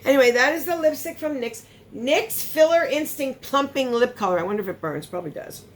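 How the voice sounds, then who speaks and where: Chatty, animated woman vlogger. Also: sits high, brisk, slight background noise. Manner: chatty, rambling, excitable with gasps. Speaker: beauty vlogger. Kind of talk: casual unboxing chat.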